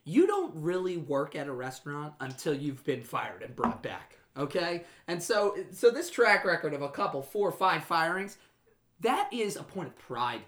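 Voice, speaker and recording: A man's voice: on the high side, big pitch swings, normal speed, a bit bright. A man hosting a casual podcast, joking and teasing as he tells stories. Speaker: podcast host.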